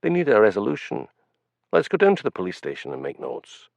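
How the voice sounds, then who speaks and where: A man's voice: lowish voice, huge pitch swings, fairly quick, gravelly, no echo, exaggerated voice. A male narrator voicing an anxious young woman who talks in an urgent, pleading way. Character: anxious, earnest young woman reporter with second sight.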